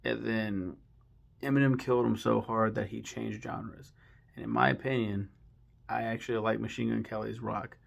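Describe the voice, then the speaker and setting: A man's voice: lowish voice, steady tone, normal speed, creaky, muffled recording. A young man giving blunt, profane, mocking commentary on rappers in a casual chat. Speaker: channel host.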